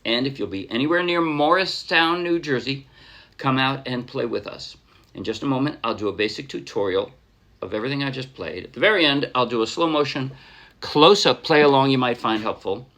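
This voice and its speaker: A man giving a casual ukulele tutorial, chatting in a relaxed way, correcting himself and counting beats aloud. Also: mid-range voice, a little fast. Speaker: ukulele teacher. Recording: clear ukulele music behind voice. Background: ukulele playing.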